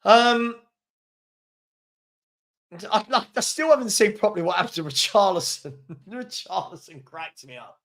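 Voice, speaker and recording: A man's voice: high voice, lively intonation, unhurried, pauses often, fairly bright tone. A man hosting a live football watchalong, reacting to the match and answering viewers' chat with frequent chuckles. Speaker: host of a football fan watchalong.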